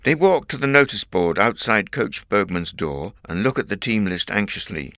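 A man reading a story aloud as narrator in a clear, measured way. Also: lowish voice, expressive, pushed and bright, no echo, clean studio sound. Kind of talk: scripted audiobook narration.

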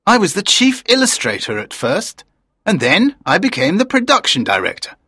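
A man's voice: high voice, wildly swooping pitch, normal speed, sharp tone, husky, no echo, clean studio sound, full character voice. A man voicing a proud, enthusiastic production director in his late fifties, in audiobook character dialogue.

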